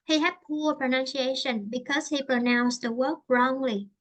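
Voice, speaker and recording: A woman's voice: high-pitched, fairly even intonation, moderate pace. A woman with a Vietnamese accent teaching an English lesson, switching between Vietnamese and English and explaining with many fillers and restarts.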